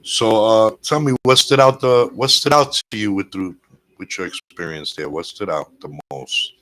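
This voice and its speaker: A man's voice: fairly low pitch, moderate pace, a bit bright, low-quality recording. A man interviewing a guest in a casual conversation, laid-back and often saying man and bro.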